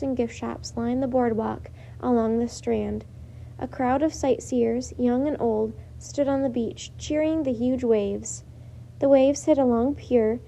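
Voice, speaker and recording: A woman reading a children's story aloud with lively, expressive narration. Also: high-pitched, gravelly, slight background noise.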